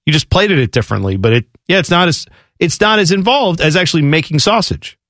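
A man co-hosting a radio show, chatting casually with animated asides and mock quotes. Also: a little high, fast talker, dry recording, clean studio sound.

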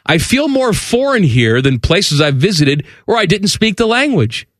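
A male sports radio host, talking in a lively voice that leaps up and down. He is sarcastic and incredulous in his banter, set close and dry on the studio mic. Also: sits high, moderate pace, no room sound.

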